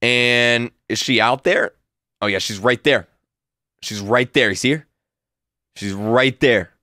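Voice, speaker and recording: A man's voice: mid-range voice, takes it slowly, bright, forceful tone, no room sound. A man playing a horror game and commenting, muttering nervously and repeating himself. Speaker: gaming YouTuber. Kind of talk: let's play commentary.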